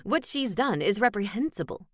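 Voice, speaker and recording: A woman's voice: mid-range voice, big pitch swings, normal speed, fairly bright tone, dry recording. A woman reading the part of an eager, helpful male ghost with old-fashioned phrasing, in a dry close recording.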